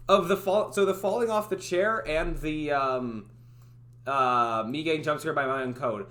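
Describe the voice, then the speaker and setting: A woman's voice: sits low, moderate pace, fairly bright tone. A woman game developer chatting casually on a livestream, giggling and rambling through restarts. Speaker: streamer and indie game developer.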